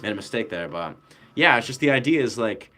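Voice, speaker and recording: A man's voice: mid-range voice, expressive, brisk, fairly bright tone. A young man, a musician and content creator, talking casually and at length about music and ear training, loose and slangy with lots of fillers.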